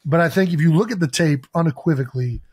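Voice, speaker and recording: A man's voice: on the high side, quick pace, a little mellow, breathy edge. A man hosting a podcast in casual chat, rambling with lots of filler words. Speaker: podcast host.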